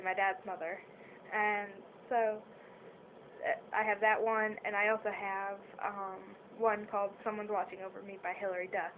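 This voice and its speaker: A young woman chatting casually to her viewers, rambling and apologizing often, with lots of fillers. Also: mid-range voice. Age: young adult. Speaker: vlogger. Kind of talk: casual chat to camera. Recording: tinny phone-quality audio with faint hiss.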